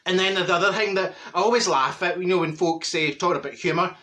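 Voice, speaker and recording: A man's voice: sits high, fast talker, bright, forceful tone. A man playing a chatty, cheeky older Glasgow woman with a Glaswegian accent, telling gossipy stories in a comic monologue and cackling at her own jokes. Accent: Glaswegian Scottish.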